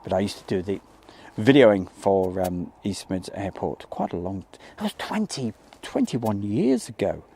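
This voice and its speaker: A man streaming live outside an airport casually chats and warmly greets viewers by name as he reads them out. He speaks at a normal speed in a lowish, creaky, husky voice with big pitch swings.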